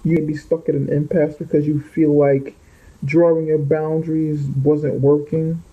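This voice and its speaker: A man's voice: a little high, little pitch movement, moderate pace. A man giving a rambling, unscripted tarot reading who often repeats and corrects himself. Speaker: tarot reader. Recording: muffled lo-fi audio.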